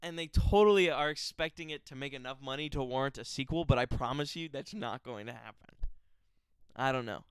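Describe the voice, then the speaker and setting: Smooth, chatty young-sounding male reviewer. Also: medium pitch, a little fast, no echo, studio quality. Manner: chatty, laughing, exaggerated asides. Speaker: film reviewer. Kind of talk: casual movie review vlog.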